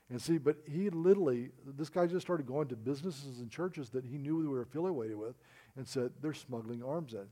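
Mellow-voiced man preaching a sermon. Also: mid-range voice, fairly quick. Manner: earnest storytelling, quoting others in dialogue. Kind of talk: sermon with scripture reading.

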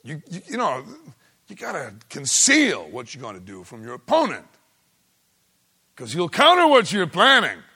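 Animated husky preacher. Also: male voice, on the high side, normal speed. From United States. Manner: animated, folksy, swings between loud exclaiming and hushed asides. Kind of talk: sermon.

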